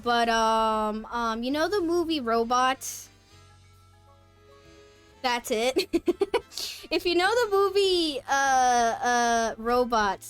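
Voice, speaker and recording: Animated high-voiced woman streamer. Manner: animated, dramatic storytelling with sudden shrieks and laughs. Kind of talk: casual chat with stream viewers.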